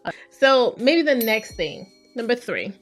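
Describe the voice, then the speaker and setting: A woman's voice: fairly high pitch, big pitch swings, measured pace, soft background music. A woman in her thirties hosting a podcast as a therapist, talking in a chatty, conversational way and sometimes acting out the people she quotes. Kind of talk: casual advice monologue.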